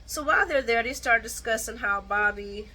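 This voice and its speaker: Bright-voiced woman recapping, blunt and animated. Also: on the high side, normal speed, poor audio. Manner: animated, blunt, colloquial, with mocking asides. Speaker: soap opera recap host. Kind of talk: casual chat recap.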